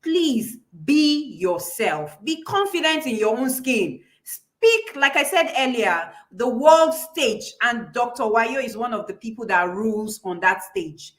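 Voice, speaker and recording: A woman's voice: fairly high pitch, lively intonation, a little slow, few pauses. A woman hosting an online class, affirming and encouraging her guest and listeners. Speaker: host of the class.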